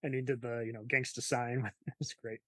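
A man hosts a loose, joking conversation and keeps pitching playful ideas to his guests. His voice sits in a middle register and is recorded dry and close, with no room sound. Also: flat delivery, fairly quick, sharp tone, no room sound. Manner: joking, suggests ideas, laughs often. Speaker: podcast host. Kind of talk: casual chat.

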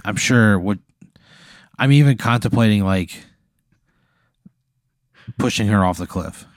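A man's voice: fairly low pitch, a little slow, no echo, clean studio sound. Exasperated, swearing man in comic banter. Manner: exasperated, profane. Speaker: podcast co-host. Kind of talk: casual comedic banter.

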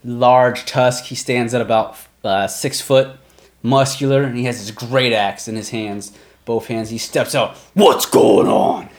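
A man's voice: mid-range voice, unhurried. Guy running a d&d session, casual narrating, mid voice. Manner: lively, slips into shouted character voices. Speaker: game master. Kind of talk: narrating a tabletop game.

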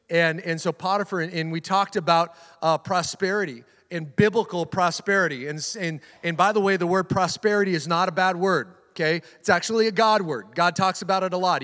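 A man's voice: high-pitched, fairly bright tone. A pastor preaching a conversational sermon to his congregation, stopping and restarting, with frequent asides to the listeners. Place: church sanctuary. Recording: long hall reverb.

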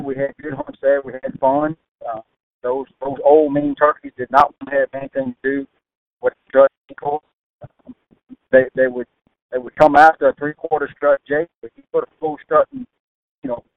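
A man from Louisiana with a Louisiana accent, a guest telling folksy hunting stories in an animated, drawling way. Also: mid-range voice, creaky, no echo. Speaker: guest turkey hunter. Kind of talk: folksy storytelling. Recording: tinny phone-like sound.

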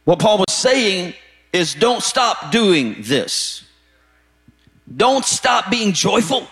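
A pastor preaching a sermon with emphatic, repetitive phrasing that rises to shouted peaks. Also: male voice, sits high, sing-song, very slow. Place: church sanctuary.

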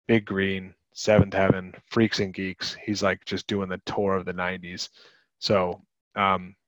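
Podcast co-host, male, 30s, low voice, loose rambling delivery, dull lo-fi mic. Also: a bit bright, dry recording. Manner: rambling, many fillers and restarts. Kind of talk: casual movie podcast chat.

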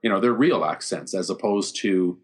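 A man's voice: low-pitched, normal speed, slightly rough. A man co-hosting a casual movie podcast, sharing his views in an easygoing, conversational way. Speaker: podcast co-host.

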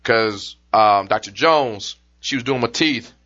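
On a podcast he co-hosts, a man with a mid-range voice speaks slowly and forcefully, with a bright tone over dull audio. In casual chat he tells stories, swears freely, and acts out the people in them.

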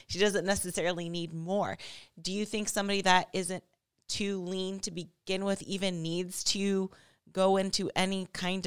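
Woman with a smooth voice asking questions. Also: medium pitch, a bit bright, no room sound. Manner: asks long, searching questions. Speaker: podcast co-host. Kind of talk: casual podcast chat.

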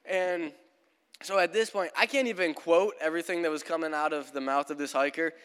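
A man's voice: on the high side, steady tone, quick pace, a bit bright, smooth. A young male pastor preaching a sermon in a casual, storytelling manner in a church. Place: church sanctuary. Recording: long church hall reverb.

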